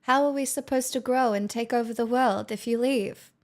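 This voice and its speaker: A woman's voice: fairly high pitch, fairly even intonation, moderate pace. A woman streamer chatting casually with her viewers, playful, giggly and teasing. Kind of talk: casual chat.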